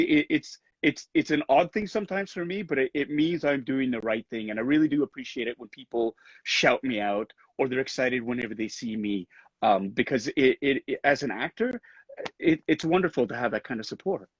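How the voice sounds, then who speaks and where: A man's voice: mid-range voice, slightly rough, no room sound, lo-fi sound. A man from Canada, an actor being interviewed over a video call on a headset, speaking earnestly and thoughtfully, often restarting his sentences.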